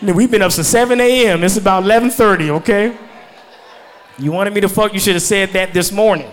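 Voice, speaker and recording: Male stand-up comic, 30s, loud and profane, laughs at his own bits; high voice, faint room noise. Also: brisk. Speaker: stand-up comedian. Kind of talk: stand-up comedy set. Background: audience laughter.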